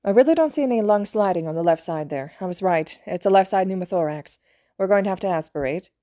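A woman reading as a calm trauma doctor. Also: mid-range voice, dry recording, studio quality, natural voice. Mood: urgent. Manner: brisk, clinical, reassuring to patients.

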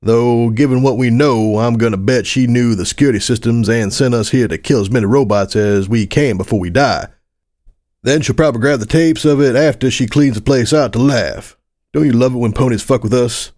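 A man voices a young male pegasus with a dry, sarcastic edge, the companion in a spoken storybook. His pitch sits mid-range and his delivery is wry. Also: brisk, a little mellow, natural voice. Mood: sardonic.

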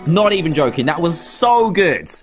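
A young man giving excitable let's-play commentary on a game, dropping into low mutters and jumping to sudden yelps. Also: normal speed, soft background music. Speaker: gaming YouTuber.

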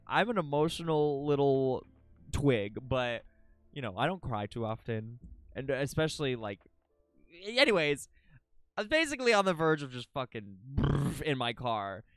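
Lively, bright-voiced young man streamer. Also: medium pitch, clean tone, dry recording. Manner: rambling, emotional and profane, with many restarts. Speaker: live streamer. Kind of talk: casual chat with stream viewers.

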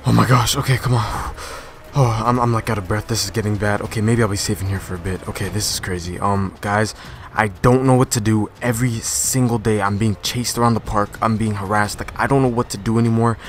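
A young man giving energetic, dramatic gameplay commentary as a gaming YouTuber, talking in a slangy, excitable way. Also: fairly low pitch, fairly quick, a little hiss or hum.

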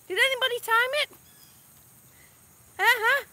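Breathless high-voiced woman flying a drone. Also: unhurried. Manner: excited, laughing often. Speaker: vlogger. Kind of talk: casual live vlog.

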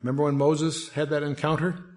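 A man's voice: a little high, flat delivery, a little fast, darkish tone. A man giving a Bible study lecture, talking in a conversational, digressive way with asides and reading scripture aloud. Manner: reads scripture aloud in a lifted voice. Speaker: Bible teacher.

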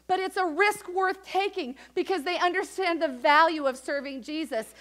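Woman pastor preaching in church, high voice, animated, acts out little quotes. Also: moderate pace. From United States. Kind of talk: sermon. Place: church sanctuary.

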